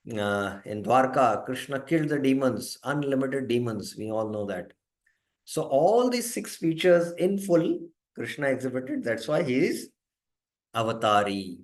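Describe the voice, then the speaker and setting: A man teaching a scripture class. He explains carefully, sometimes hesitates, and puts questions to his students. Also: medium pitch. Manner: quizzes students by name.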